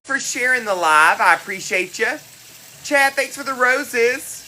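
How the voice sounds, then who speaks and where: A woman hosts a cooking live stream from her home kitchen and greets viewers one by one with pet names. Her voice is bright and forward, and she takes her time between phrases. Faint kitchen sounds sit behind her. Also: on the high side, animated, a little slow, a little hiss or hum, low-quality recording. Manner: greets viewers by name, chatty and affectionate. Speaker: cooking livestream host. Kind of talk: casual live-stream chat.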